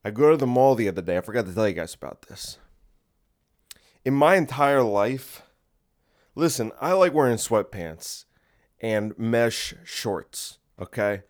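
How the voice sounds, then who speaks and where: Here a man hosts a solo podcast from home, his mid-range voice expressive and a little slow. Broadcasting from his bedroom, he chats in a restless, joking manner that often goes off track.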